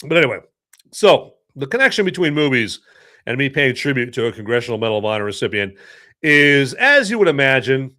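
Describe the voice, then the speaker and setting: A man hosting a podcast in a casual monologue, telling stories in a rambling, joking and animated way. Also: mid-range voice, brisk. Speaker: podcast host and movie reviewer.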